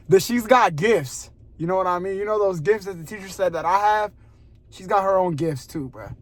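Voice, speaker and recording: A young man with a high, light voice tells a long story straight to his camera in casual slang. He gets animated and laughs often, then drops to a hushed voice to build suspense. It is recorded on a phone or camera mic at night in a gym parking lot. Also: normal speed. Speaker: vlogger.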